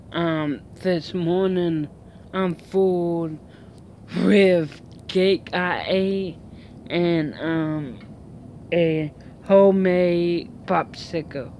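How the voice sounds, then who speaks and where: Woman vlogger rambling super slowly outside, lots of ums and likes, faint traffic behind. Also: on the low side, a little mellow. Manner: rambling, full of fillers and restarts. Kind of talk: casual rambling chat. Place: outdoors at home.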